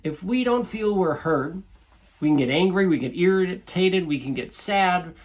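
A man in his thirties talking through relationship advice casually and earnestly, repeating his points and acting out quoted lines. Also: moderate pace. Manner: animated, acts out quoted speech in a higher voice.

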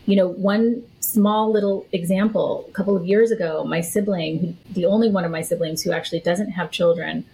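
Woman podcast co-host, casual and animated, laughs a lot, slight background noise. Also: medium pitch, low-quality recording. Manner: chatty, animated storytelling with frequent laughs.

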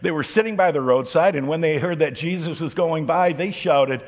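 A man delivers a sermon with an animated, expressive preaching style. His voice is a little husky and sits slightly high. Long reverb rings around him in a church hall. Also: moderate pace, hardly any pauses. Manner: expressive preaching, voicing quoted speech. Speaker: pastor.

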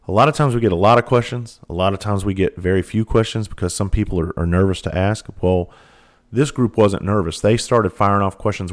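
A man speaking in a candid monologue, earnest and blunt, with casual cursing and repeated phrases. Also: lowish voice. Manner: earnest, heartfelt storytelling. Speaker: trainer for first responders.

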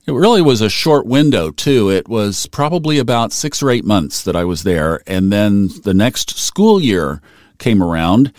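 A man's voice: fairly low pitch, expressive, a little slow, darkish tone, dry recording, clean studio sound. A middle-aged man telling a personal story in an earnest, conversational way, growing emotional at moments. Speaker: storyteller recalling his career.

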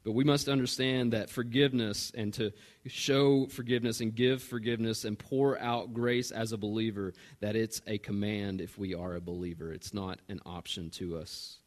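A man, a pastor telling a personal story in a relaxed, self-mocking sermon. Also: on the low side, normal speed. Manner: conversational and self-mocking, with animated retold dialogue.

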